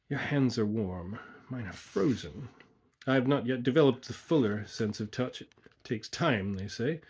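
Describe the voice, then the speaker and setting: A blinded, disfigured man murmurs to his former lover in a husky, breathy voice, as a male reader puts him on. He sounds tender yet bitter, pleading softly through his storybook darkness. His pitch sits in an ordinary middle range.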